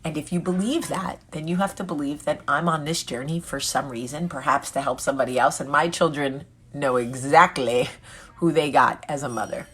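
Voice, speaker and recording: Husky, candid woman in her forties. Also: deep voice, moderate pace, a bit bright. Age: 40s. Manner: candid, joking and chatty, reading comments aloud. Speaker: vlog host. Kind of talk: casual live chat with viewers.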